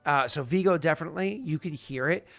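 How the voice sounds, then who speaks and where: A man's voice: fairly high pitch, quick pace, creaky, no room sound, soft background music. Rambling male game master. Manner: rambling, many fillers and restarts, vivid sound effects. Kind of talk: narrating a tabletop game.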